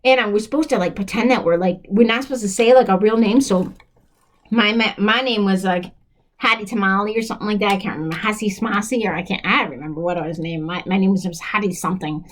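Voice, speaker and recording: A woman's voice: medium pitch, quick pace. A woman telling a long first-person story in a rambling, repetitive, earnest way.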